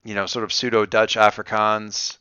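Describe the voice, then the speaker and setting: Bright, clear-voiced male game master. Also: on the low side, completely flat delivery, no room sound, dull audio. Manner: halting, with many restarts and fillers. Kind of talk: running a tabletop game, thinking aloud.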